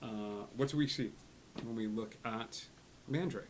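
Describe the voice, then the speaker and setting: A man narrating a tabletop game as game master, slowly and with many fillers. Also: medium pitch, a little hiss or hum.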